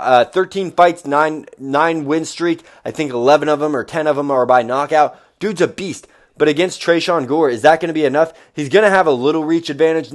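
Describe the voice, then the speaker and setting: A man hosting a fight preview show, talking in an energetic, rambling way and swearing casually. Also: on the high side. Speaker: podcast host.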